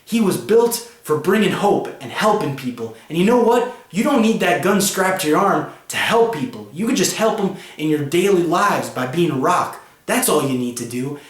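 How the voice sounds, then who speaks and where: A man's voice: fairly high pitch, very animated, normal speed, few pauses. A man voicing a friendly robot mentor, giving encouragement in a folksy way, in a roomy echo. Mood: encouraging.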